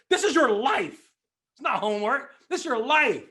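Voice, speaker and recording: A man giving a motivational sales training talk, animated, calm one moment and shouting the next as he acts out panicked inner voices. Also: very high-pitched, moderate pace. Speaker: motivational speaker.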